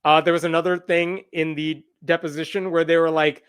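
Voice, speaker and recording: Brief: high-voiced male host, sarcastic and incredulous, live news commentary. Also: little pitch movement, fairly quick, a bit bright, smooth.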